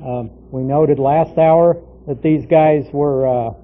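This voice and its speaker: A man with a slightly high voice works through a scripture passage verse by verse as a Bible teacher. He explains in a measured, unhurried way, pausing often with small fillers. The recording is thin and tinny, like a phone line. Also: steady tone. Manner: measured, explanatory, with frequent "uh" pauses.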